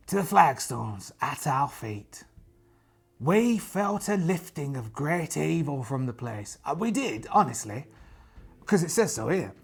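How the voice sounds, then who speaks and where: A man narrating a solo tabletop game as host, chatty and animated with jokey asides, his voice tired and strained. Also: medium pitch, vocal fry, slightly rough.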